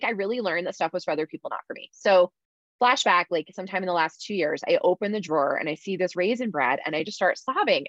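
A woman's voice: medium pitch, no room sound. A woman talking candidly in casual podcast chat, with lots of "like" fillers. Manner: candid, chatty, many "like" fillers. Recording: slightly dull dry sound.

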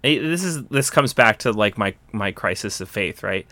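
A man's voice: fairly low pitch, lively intonation, moderate pace, sharp tone, dry recording. A young man in casual recorded chat, rambling with many fillers and restarts.

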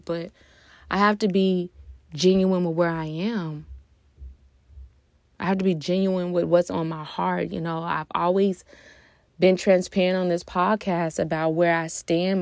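Earnest woman podcaster with a gravelly low voice. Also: a little mellow, no room sound. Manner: earnest and heartfelt, with hesitant fillers. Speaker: podcast host. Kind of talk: reflective personal podcast talk.

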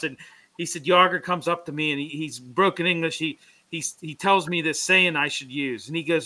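A male co-host on a hockey talk show, chatting loosely and piling up fillers as he tells stories. His voice sits a little high and sounds bright and forceful. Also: normal speed. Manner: rambling storyteller, many "you know" fillers. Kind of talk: casual sports chat.

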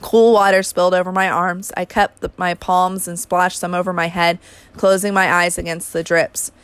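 A woman reading a first-person novel aloud in an even, unhurried storytelling manner, recorded close to the mic. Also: fairly low pitch, smooth, no echo. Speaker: audiobook reader.

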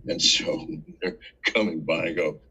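A man telling a story in a casual interview, animated and full of profanity. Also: low voice, a little slow, slightly rough, low-quality recording. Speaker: interview guest.

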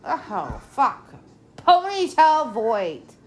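A woman's voice: sits high, drawn-out words. Exasperated woman riffing on a movie. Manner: lively, exasperated, heavy swearing. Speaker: podcast host. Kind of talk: casual movie commentary.

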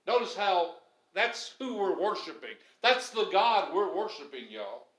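A man's voice: high voice, very animated, a little slow, fairly bright tone. A man preaching a sermon to his congregation, building to emphatic bursts. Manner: preaching with rising, emphatic bursts and Southern phrasing. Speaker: pastor. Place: church. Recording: echoey church sanctuary.

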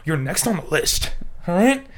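A man's voice: high-pitched, big pitch swings, moderate pace. A young man co-hosting a casual podcast, joking with a lot of swearing and frequent laughter while under the weather. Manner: profane, joking, laughs often. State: sick. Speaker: podcast co-host. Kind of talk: casual chat. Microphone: desk mic.

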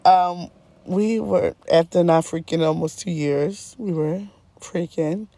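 A woman's voice: lowish voice, takes it slowly. Frank, laughing woman podcast host. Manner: frank, laughs often, swearing, animated asides. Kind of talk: candid casual storytelling.

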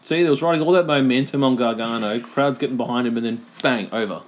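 A man with an Australian accent co-hosting a casual wrestling watch-along podcast, giving relaxed running commentary. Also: medium pitch, fast. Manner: relaxed running commentary with sighs and mild oaths. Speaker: podcast co-host.

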